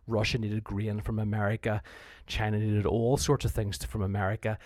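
Recorded in studio quality with no echo, this male history teacher has a lowish, darkish voice and a flat, brisk delivery. His explanations are chatty and informal, with lots of restarted sentences and impressions of what leaders said.

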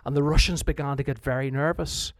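A man's voice: a little high, fairly even intonation, fairly quick, no echo, studio quality. A man explaining history in an informal, conversational way, often restarting his sentences and acting out what leaders said. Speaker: history teacher.

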